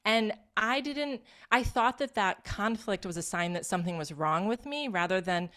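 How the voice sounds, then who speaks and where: A woman's voice: fairly low pitch, lively intonation, moderate pace, gravelly, hardly any pauses, fairly bright tone. A woman coach in casual conversation, reassuring and explanatory in how she talks.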